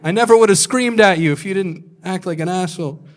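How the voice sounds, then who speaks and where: A man in his twenties telling a crude story on stage as a stand-up comedian, deadpan with sudden shouted punchlines. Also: high-pitched, quick pace. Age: 20s.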